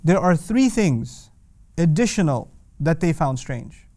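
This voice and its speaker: A man lecturing on the Quran's wording who asks lively rhetorical questions and slips into Arabic recitation. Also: a little high, takes it slowly, no room sound. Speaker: Quran teacher.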